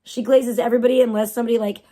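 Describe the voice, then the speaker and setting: A woman's voice: a little high, flat delivery, very fast, mellow. A young adult woman hosting a livestream, ranting with heavy profanity and open scorn. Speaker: livestream host.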